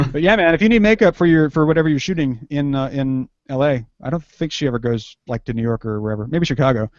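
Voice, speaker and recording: A man's voice: mid-range voice, quick pace, dry recording. A young man chatting casually as a podcast guest, rambling and restarting his sentences and laughing often. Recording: dull lo-fi recording.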